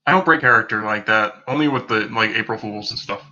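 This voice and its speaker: A man co-hosting a casual podcast, making quick joking asides and laughing at his own jokes. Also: on the low side, bright, forceful tone, highs cut off. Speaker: podcast co-host.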